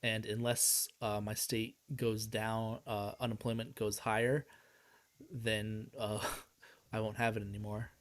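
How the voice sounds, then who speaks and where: A man's voice: lowish voice, little pitch movement, unhurried. Stressed young man chatting on stream. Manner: rambling, laughs often. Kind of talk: casual live-stream chat.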